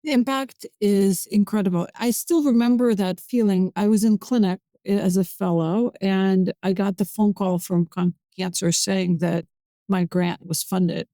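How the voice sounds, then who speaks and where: A woman in her forties who grew up in Azerbaijan speaks as a physician-scientist on a podcast. Her mid-pitched voice is mellow, and she often pauses, restarts and fills gaps as she thinks aloud. The recording is dry and close. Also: fairly even intonation, dry recording. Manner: hesitant, many fillers and restarts. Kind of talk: conversational interview.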